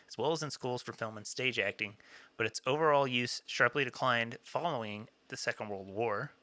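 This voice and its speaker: A man's voice: mid-range voice, pushed and bright, no echo. A man co-hosting a podcast, chatting casually about an old film with many fillers and reading notes aloud. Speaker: podcast co-host. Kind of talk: casual film discussion chat.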